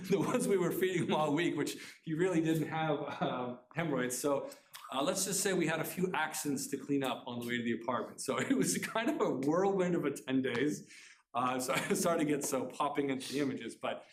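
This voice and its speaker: A middle-aged man telling a personal family story to a live audience, talking fast and earnestly, often restarting his sentences. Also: a little high, slight background noise. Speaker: author giving a talk. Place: community center room. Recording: roomy hall sound.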